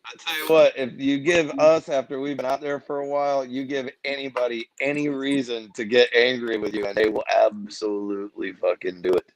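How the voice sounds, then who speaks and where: A man, a guest drummer on a casual podcast, telling profane stories with lively acted-out quotes. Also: mid-range voice, a little fast. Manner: profane, animated storyteller who acts out quotes.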